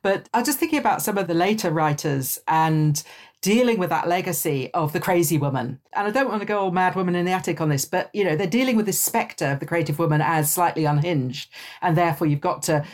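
A woman, speaking as a guest in a thoughtful, measured podcast conversation. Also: on the low side, expressive, darkish tone. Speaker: author and guest.

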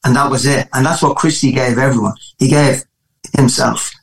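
A man from Ireland with a Dublin accent, a guest musician telling animated stories in a casual interview, with frequent restarts. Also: medium pitch, normal speed, creaky, rough recording. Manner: animated storytelling with many restarts.

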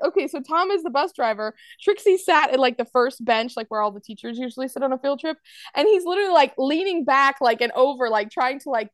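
A high-pitched American woman co-hosting a chatty podcast, rambling and filling every pause with "like". Her voice is recorded dry and close, with no room around it. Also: dry recording. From United States. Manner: rambling, heavy use of "like", acts out quotes. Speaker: podcast co-host. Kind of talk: casual chat.

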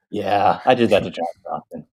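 A man co-hosting a podcast in casual chat, adding quick joking reactions and short interjections. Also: low voice, a little mellow, husky. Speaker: podcast co-host.

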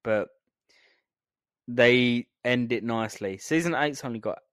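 In a studio-quality recording with no room sound, a man speaks unhurriedly in a medium-pitched, fairly bright voice. He's co-hosting a podcast, keeping the chat casual, laughing a lot and cursing without restraint.

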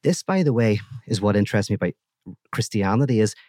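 A man with a lowish voice speaks as a guest philosopher on a podcast. He explains ideas through lively stories, often restarting his sentences. The recording is dry and close. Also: fast, no room sound. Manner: animated storytelling with frequent restarts. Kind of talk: podcast conversation.

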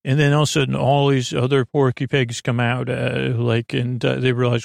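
Gravelly male host; halting, rambling recap for sleep; dry close sound. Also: mid-range voice, flat delivery, no room sound. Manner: halting, filler-heavy. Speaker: podcast host. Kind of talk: rambling story retelling for sleep.

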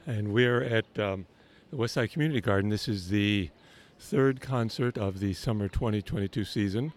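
Older man joking on a podcast. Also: lowish voice. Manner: joking, teasing, with halting restarts. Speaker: podcast host. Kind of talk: casual outdoor chat. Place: outdoors in a community garden.

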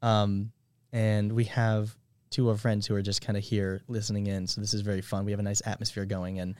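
A man's voice: fairly low pitch, level tone, brisk, a little mellow, clean tone, no room sound, clean studio sound. A young adult man hosting a podcast in casual chat, rambling and upbeat, with many fillers. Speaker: podcast host.

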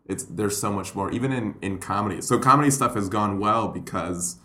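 Low-voiced man rambling in a roomy echo. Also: brisk, bright, forceful tone. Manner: rambling storyteller, acts out quoted voices. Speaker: comedian and podcast guest. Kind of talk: casual podcast chat.

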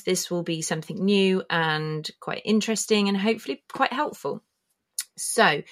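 A woman hosting her own podcast, explaining a spiritual topic in a chatty, meandering way and correcting herself as she goes. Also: mid-range voice. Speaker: podcast host. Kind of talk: casual spoken explainer. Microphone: filmed while talking, pointing to body.

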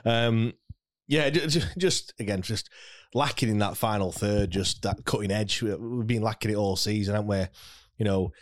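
A man's voice: on the low side, moderate pace. A man, co-hosting a casual football podcast, rambling with fillers and tag questions. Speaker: podcast co-host.

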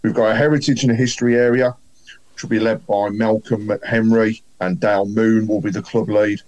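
A man, co-hosting a fan podcast and reading out club announcements in a measured way with frequent fillers. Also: lowish voice, fairly even intonation, darkish tone, muffled recording. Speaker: podcast co-host.

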